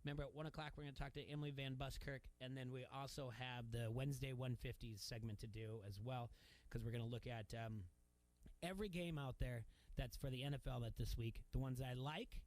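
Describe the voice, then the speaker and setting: A man's voice: medium pitch, fairly even intonation, a little fast, a little mellow. Rambling male sports radio host. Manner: rambling storytelling, many fillers and restarts. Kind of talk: casual radio monologue.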